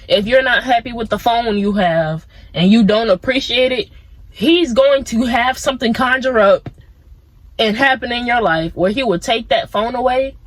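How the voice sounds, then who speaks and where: A young woman talks outdoors in a laid-back, rambling motivational vlog and keeps drifting into side thoughts. Her voice sits fairly high. The sound is close and dry. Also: no echo, low-quality recording. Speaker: vlogger. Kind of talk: casual motivational chat. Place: outdoors among plants.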